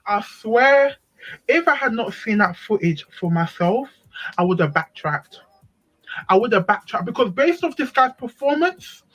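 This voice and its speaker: A woman's voice: on the high side, a bit bright, slightly rough, poor audio. A woman telling a personal story in casual chat, animatedly acting out what other people said. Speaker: live stream panelist.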